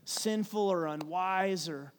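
A high-pitched male pastor preaches in a big church, and his voice rings with long reverb through the hall. He drops to near-whispers for the serious points, then bursts out loud and playful as he leads the crowd in call-and-response. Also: a little hiss or hum. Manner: swings from hushed and slow to loud and playful, calls the congregation to repeat lines. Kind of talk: sermon.

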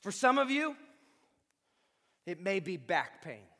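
A man's voice: high-pitched, big pitch swings, takes it slowly, pushed and bright. A man preaching a sermon as a pastor, speaking with impassioned emphasis. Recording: long reverb of a large hall.

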